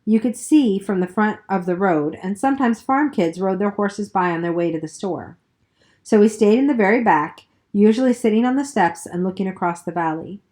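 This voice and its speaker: A woman's voice: medium pitch, normal speed. Woman reading a novel aloud. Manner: steady first-person narration, occasional slips. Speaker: reader.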